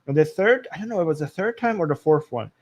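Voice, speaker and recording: A man from Iran with a fairly high voice, co-hosting a live-stream discussion. He rambles in loose, casual bursts, restarting sentences and leaning on fillers as he goes. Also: lively intonation, fast talker. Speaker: co-host.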